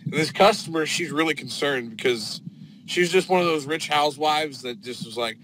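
A man's voice: on the high side, normal speed. A young man from Texas, a plumber, telling stories animatedly in casual chat. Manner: animated, laughing storyteller. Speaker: guest plumber. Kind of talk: casual storytelling. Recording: noisy background hiss.

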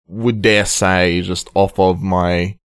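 A man's voice: low-pitched, fairly even intonation, takes it slowly, clear, resonant tone, no echo, studio quality. A man co-hosting a casual film podcast, speaking thoughtfully with lots of ums and restarts. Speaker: podcast co-host.

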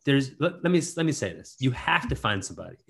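A man's voice: medium pitch, sing-song, fast, gravelly, husky. A man with a mid-range voice co-hosts a podcast and keeps things playful. He tosses out puns and repeats phrases as running jokes. His delivery stays loose and conversational. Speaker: podcast co-host. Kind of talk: casual chat.

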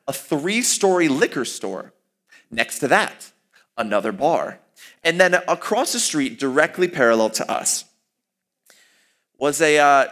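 A young man telling a personal story in a talk, animated and expressive, jumping up in pitch and volume for emphasis. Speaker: student speaker sharing a personal story.

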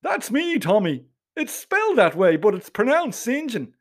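A man's voice: high-pitched, wildly swooping pitch, moderate pace, exaggerated voice. A prim, proper young fiancé, as a man puts him on, with a lifted, lilting voice that stays courteous and patient. He speaks carefully and politely, every word neatly placed.

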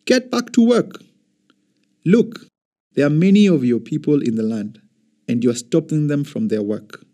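A man reading a scornful shouting Pharaoh. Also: fairly high pitch, lively intonation, normal speed, close to an everyday voice. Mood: scolding. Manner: sharp, scolding, shouting at times. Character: stubborn scornful male Egyptian king.

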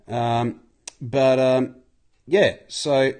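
A man's voice: a little high, expressive, normal speed, breathy edge. A young man hosting a podcast, ranting in a casual, profane monologue while walking around home. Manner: profane, swears constantly, rants. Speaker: podcast host. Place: walking outdoors, then indoors at home.

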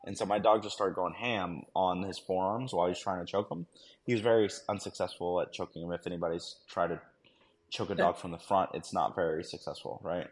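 A man's voice: deep voice, steady tone, brisk. A man, a former army dog handler, telling a war story on a podcast in a casual, slangy way full of fillers and "right?". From United States.

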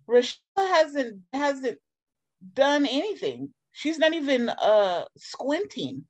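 A woman's voice: sits high, very animated, takes it slowly, a little mellow. A woman co-hosting a casual chat, blunt and sarcastic about a character she dislikes. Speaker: podcast co-host.

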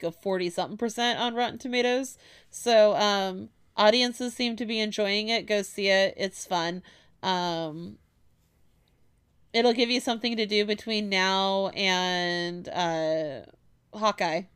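Relaxed woman podcast host, smooth voice. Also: mid-range voice. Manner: relaxed, filler-heavy. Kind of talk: casual podcast chat.

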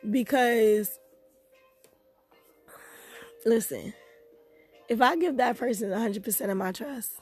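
A woman's voice: on the high side, slightly rough, dry recording. A young woman hosting her own podcast, talking casually and animatedly to her listeners about her life, dating and faith. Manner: chatty, animated, giggly, addresses listeners as "y'all". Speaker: podcast host. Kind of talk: casual personal talk to listeners.

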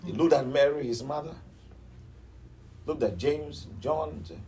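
A man preaching a sermon, telling the story dramatically and swinging between loud outbursts and hushed near-whispers. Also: medium pitch, moderate pace, gravelly, long pauses, slight background noise, low-quality recording.

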